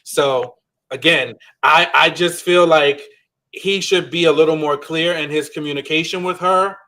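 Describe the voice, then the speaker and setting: Male podcast co-host, casual recap talk, animated, slightly high voice. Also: unhurried. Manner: chatty, animated, acts out quoted lines. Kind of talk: casual reality-show recap.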